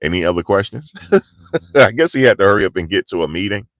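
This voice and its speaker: Man, very deep voice, energetic slangy street commentary, outside in the cold. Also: fast talker, no echo. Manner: animated, slangy, pushing energy. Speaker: vlogger. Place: outdoors in cold, rainy weather.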